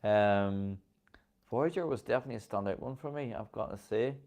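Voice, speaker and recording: A man's voice: on the low side, normal speed, a little mellow. A man with a Northern Irish accent hosting a casual video, chatting enthusiastically with frequent ums. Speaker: host. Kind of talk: casual chat to camera.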